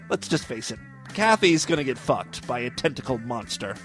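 A man's voice: mid-range voice, sing-song, normal speed, fairly bright tone, soft background music. A man reading a story aloud in a mock-dramatic way and breaking off with crude sarcastic asides. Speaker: reader.

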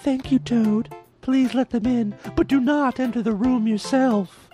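A man voicing a young princess who speaks softly and with false innocence during a comic reading. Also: very high voice, fairly even intonation, measured pace, faint music behind, voice pushed up. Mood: coaxing.

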